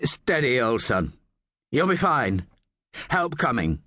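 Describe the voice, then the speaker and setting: A man's voice: medium pitch, sing-song, takes it slowly, pushed and bright, no room sound, clean studio sound, heavily acted. Man playing a curt old British general. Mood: steadying. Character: gruff older British general, impatient.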